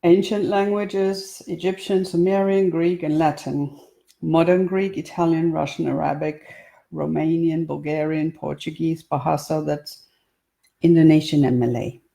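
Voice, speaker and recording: A woman voicing a huge, teasing male ex-Navy SEAL who gives calm, short answers. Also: low-pitched, unhurried, creaky. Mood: matter-of-fact.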